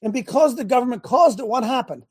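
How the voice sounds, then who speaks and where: A man's voice: very high-pitched, animated, fast talker, husky. A man hosting his own political talk show, speaking in a rhetorical, fired-up way and asking the same questions again and again to his viewers. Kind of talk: animated political commentary to viewers.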